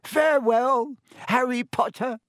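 Shrill devoted house-elf, very high squeaky voice, slow drawn-out words, storybook style. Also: male voice, fairly bright tone, no echo, clean studio sound, heavily acted. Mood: tearful. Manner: shrill and fierce. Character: small, excitable, devoted male house-elf. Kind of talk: audiobook character voice.

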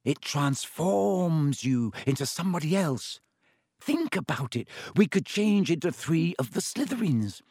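A man voicing a clever, earnest schoolgirl who speaks quietly and cautiously, growing impatient. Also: fairly high pitch, very animated, measured pace, slightly rough, dry recording, studio quality, voice pushed up, exaggerated voice. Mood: insistent.

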